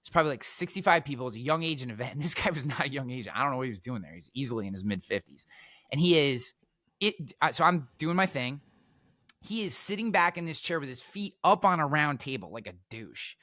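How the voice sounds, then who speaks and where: A man telling stories as a podcast guest, energetic, repeating words and acting out quotes. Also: mid-range voice, fast talker, no echo, studio quality. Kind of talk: animated storytelling.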